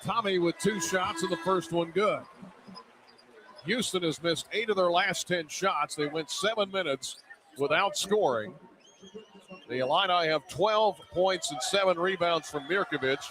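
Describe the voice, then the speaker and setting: A man announcing a basketball game play-by-play, quick and rising to excitement on big plays. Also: high voice, background noise. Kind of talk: radio-style basketball play-by-play. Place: arena broadcast position.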